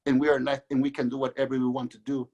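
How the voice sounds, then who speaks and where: A middle-aged man from Mexico, a guest author, telling his own life story in an earnest, halting way with many restarts. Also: medium pitch, monotone, darkish tone, dull audio. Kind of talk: candid personal storytelling.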